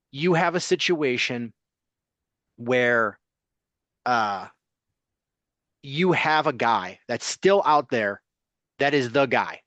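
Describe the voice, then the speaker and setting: A man co-hosting a sports talk podcast, speaking bluntly and casually, listing names in a steady run. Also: mid-range voice, no room sound, highs cut off.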